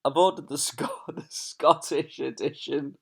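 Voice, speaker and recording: A man's voice: a little high, unhurried, vocal fry, breathy edge. A man, a teacher chatting to his pupils and then reading a storybook aloud from his sofa at home, chatty and often laughing at himself. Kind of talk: casual chat then storybook read-aloud. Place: home living room, on a sofa. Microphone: camera in front of him.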